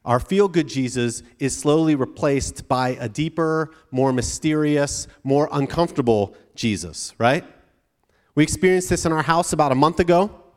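A pastor preaching to students in a chatty way, often checking in with the crowd by asking "right?". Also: male voice, a little high, moderate pace, big-room sound. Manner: conversational, frequent tag questions. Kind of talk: sermon to students.

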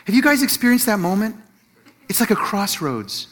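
High-voiced man telling a sermon story. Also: moderate pace. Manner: animated storytelling, acts out quotes, laughs at himself. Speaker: Christian teacher or pastor.

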